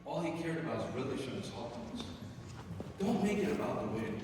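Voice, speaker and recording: A man's voice: mid-range voice, sing-song, a little fast, noisy background. A man who coaches youth sports, telling stories and giving advice to a group of parents, acting out the voices of the people he quotes. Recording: echoey hall, speaker far from mic.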